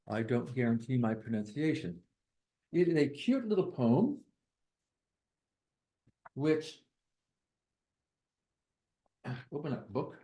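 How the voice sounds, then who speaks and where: Slow-paced man reading poems aloud. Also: mid-range voice, darkish tone, rough recording. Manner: reads verse slowly and deliberately, with chatty asides. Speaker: poetry reader at an open mic. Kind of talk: casual reading and commentary. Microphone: online video call.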